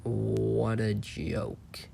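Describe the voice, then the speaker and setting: A man's voice: on the low side, steady tone, very slow, gravelly, mellow, soft background music. A man talking over screenshots in a rambling, mocking, self-assured commentary voice-over. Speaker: channel host.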